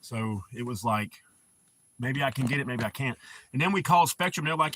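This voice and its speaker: A man's voice: mid-range voice, fairly quick, fairly bright tone, a little hiss or hum. A middle-aged man hosting a casual live stream, laid-back, swearing freely and laughing often. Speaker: livestream host.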